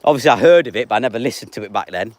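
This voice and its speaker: A man's voice: mid-range voice, animated, racing, no room sound. A man, chatting casually on a live stream and answering viewers by name. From England. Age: 30s. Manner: reads out viewer names and answers them offhand.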